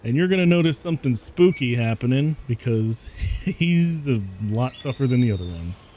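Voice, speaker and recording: A man's voice: mid-range voice, animated, normal speed, warm tone, slight background noise. A man giving casual gameplay commentary as a VTuber, rambling and laughing often at himself.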